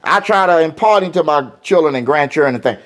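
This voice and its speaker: Folksy older man, lively pitch. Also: quick pace. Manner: rambling, folksy, many fillers. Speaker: singer; interviewee. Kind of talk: interview.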